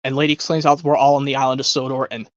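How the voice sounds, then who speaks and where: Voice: mid-range voice, little pitch movement, very fast, dry recording, highs cut off. A streamer chatting casually between voice impressions, rambling and hesitant as they pile up fan trivia.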